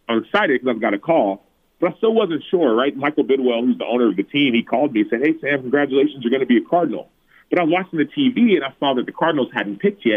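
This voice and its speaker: A man in his thirties, a former pro football player, telling a personal story as a podcast guest and acting out his own past words. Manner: animated, acts out his own past words with big pitch jumps. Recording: phone-like narrow audio.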